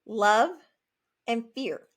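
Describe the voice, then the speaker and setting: Emphatic, higher-pitched woman guest. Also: drawn-out words. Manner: emphatic, animated storytelling with plain-spoken asides. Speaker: guest author. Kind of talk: conversational interview.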